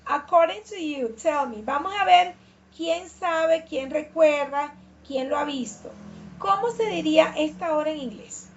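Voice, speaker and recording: A woman with a Spanish accent teaching an English class, repeating phrases slowly and switching between English and Spanish. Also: sits high, a little hiss or hum. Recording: dull lo-fi sound.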